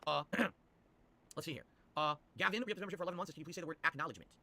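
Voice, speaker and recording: A man hosting a casual livestream, reading out shout-outs and chat, rambling and swearing as he goes. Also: fairly high pitch, racing, gravelly. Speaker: streamer host.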